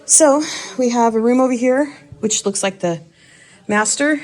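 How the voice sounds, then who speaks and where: A woman's voice: a little high, unhurried, darkish tone. A woman casually narrating a house walk-through indoors, thinking aloud and hedging her guesses as she goes. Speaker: vlogger giving a house tour.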